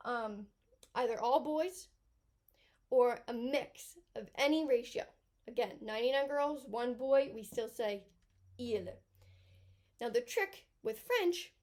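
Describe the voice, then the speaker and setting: A woman's voice: high voice, darkish tone. A woman teaching a lesson, explaining patiently, checking in with "okay?" and stressing key words. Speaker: French teacher. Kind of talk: classroom lesson.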